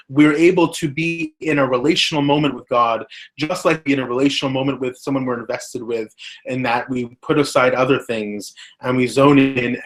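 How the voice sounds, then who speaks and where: A man's voice: medium pitch, a bit bright. A man, a rabbi, giving an earnest recorded lecture, explaining step by step and posing rhetorical questions.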